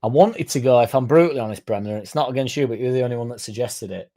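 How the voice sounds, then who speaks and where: A man's voice: mid-range voice, very fast, dark tone. A man hosting a casual livestream, rambling, swearing and chatting to viewers by name. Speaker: fan channel livestream host.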